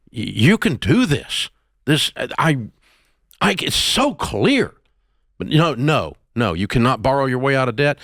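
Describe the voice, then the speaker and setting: A man's voice: medium pitch, a bit bright, no room sound, studio quality. A man hosting a call-in advice show, blunt and scolding but affectionate, with folksy turns of phrase. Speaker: radio talk show host. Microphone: studio microphone.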